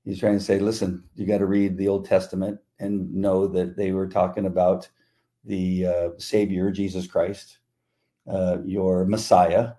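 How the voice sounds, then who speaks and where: A middle-aged man with a low, mellow voice speaks at a measured pace in a level tone. He's co-hosting a podcast, chatting casually as a laid-back storyteller who acts out quotes along the way.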